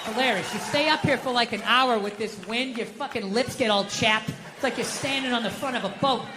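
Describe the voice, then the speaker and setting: A man's voice: very high voice, a little fast, over loud music. A man doing stand-up comedy in a large windy open-air venue, ranting in a profane, sardonic way into a stage microphone. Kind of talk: stand-up set. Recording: long reverb, loud venue ambience.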